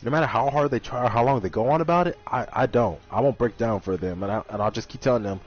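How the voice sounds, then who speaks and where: A man's voice: mid-range voice, quick pace. A man who works as a kitchen server, casually telling a rambling, exasperated story about work. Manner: rambling, exasperated retelling with acted-out quotes. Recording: dull lo-fi audio with faint music.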